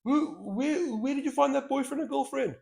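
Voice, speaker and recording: A man's voice: extremely high pitch, moderate pace, creaky, darkish tone, voice pushed up. A man voicing a clingy, jealous male slasher villain who pleads in a whiny tone.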